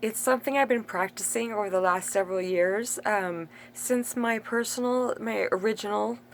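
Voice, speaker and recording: A woman's voice: mid-range voice, moderate pace, vocal fry, slight background noise. A woman acting as a spiritual teacher, talking in a meandering, self-interrupting way in a casual spiritual monologue with open emotion.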